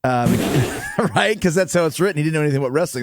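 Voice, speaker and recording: A middle-aged man with a Canadian accent, chatting as a studio guest on a radio show, animated and laughing often as he acts out quotes. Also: on the high side, fast talker, background noise. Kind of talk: casual radio interview chat.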